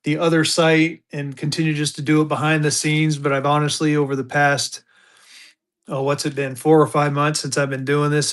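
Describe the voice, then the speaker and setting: A man's voice: on the high side, a bit bright. A man selling banknotes on a live stream, chatting casually with fillers and thanking his buyers. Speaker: livestream seller. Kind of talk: casual live auction chat.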